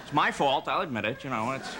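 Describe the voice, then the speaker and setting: A stand-up comedian, a man, telling jokes on a TV stage in a dry, deadpan way that breaks into shrill yelps when he acts out scenes. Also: quick pace. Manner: deadpan delivery with sudden shrill outbursts when acting out scenes. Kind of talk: stand-up routine. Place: TV studio stage before a live audience. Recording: noisy TV studio audio.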